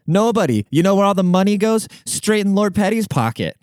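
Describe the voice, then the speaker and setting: A man's voice: sits high, sing-song, a little fast, darkish tone, dry recording, clean studio sound. A young man hosting a solo podcast, ranting in a brash, profane, swaggering way. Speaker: podcast host.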